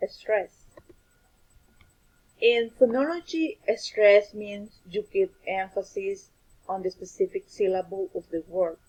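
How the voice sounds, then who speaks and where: A woman giving a scripted lesson on pronunciation, explaining carefully and deliberately with examples. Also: mid-range voice, darkish tone, breathy edge, low-quality recording.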